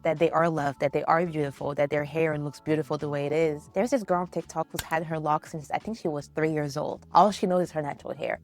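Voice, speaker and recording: A young woman talks quickly in a slightly low voice, earnest and emotional as she tells a faith-based story to her viewers. Soft music plays faintly behind her. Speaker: vlogger.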